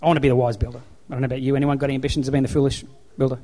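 A man's voice: mid-range voice, flat delivery, very fast, dark tone. A man preaching a sermon into a handheld microphone to an audience, in an emphatic, repetitive exhorting manner. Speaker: pastor.

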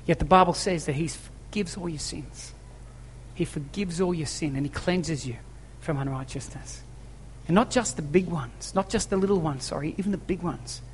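A pastor with a slightly high voice preaches to his congregation in a church hall at a moderate pace, with a faint hiss or hum in the background. He speaks emphatically, repeating key phrases and posing rhetorical questions. Long, echoing church reverb fills the recording.

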